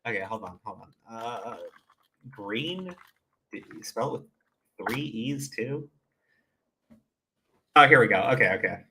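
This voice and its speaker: A man's voice: mid-range voice, animated, unhurried, pauses often, bright, forceful tone, a little hiss or hum. A man giving casual, profane reaction commentary, often laughing and restarting his sentences. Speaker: commentary streamer.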